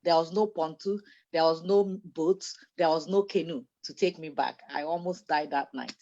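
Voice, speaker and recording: A woman telling a personal story in a casual group discussion, lively and laughing as she goes. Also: low voice, normal speed, lo-fi sound. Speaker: panelist.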